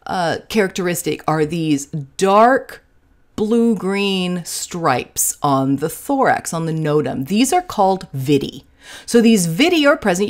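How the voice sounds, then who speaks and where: Lively, joking Southern woman lecturing. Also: medium pitch. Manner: casual, joking, frequent fillers. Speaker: lecturer in forensic entomology. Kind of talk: recorded lecture with slides.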